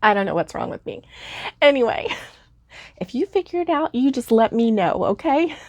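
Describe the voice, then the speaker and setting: A woman's voice: a little high, sing-song, normal speed, darkish tone, no room sound, clean studio sound. A woman in her fifties chatting casually to viewers about her crafts, rambling and giggling through lots of fillers, a little sleepy and yawning. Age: 50s. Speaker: crochet vlogger. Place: home craft room.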